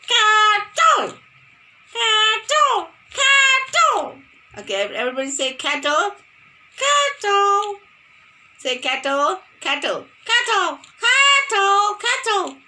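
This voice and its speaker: A woman's voice: very high-pitched, very animated, slow pace, sharp tone. A woman teaching a phonics lesson to young children, playful and sing-song, repeating words for them to copy.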